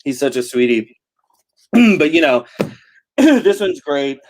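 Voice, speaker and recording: A man's voice: a little high, very animated, slow. A man, a novelist chatting over a video call, rambling and laughing often between fillers. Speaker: novelist guest. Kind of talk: casual video-call chat.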